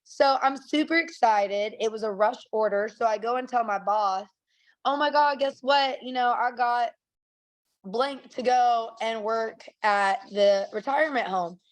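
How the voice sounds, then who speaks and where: A young woman tells a story as a podcast guest, her voice sitting a little high. She talks in a lively, animated way, laughs often and acts out the other people in the story. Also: unhurried. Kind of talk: casual storytelling.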